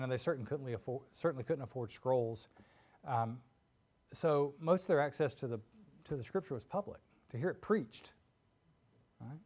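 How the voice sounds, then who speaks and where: Chatty, informal male preacher. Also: mid-range voice. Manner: informal and chatty, with frequent fillers and asides. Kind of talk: conversational sermon. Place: church.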